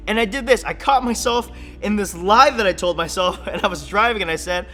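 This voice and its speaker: A young man with a fairly high voice gives a lively talk to kids. He jokes, laughs and acts out silly voices. Soft music plays faintly underneath. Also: fairly quick. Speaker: kids ministry speaker. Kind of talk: energetic kids' sermon.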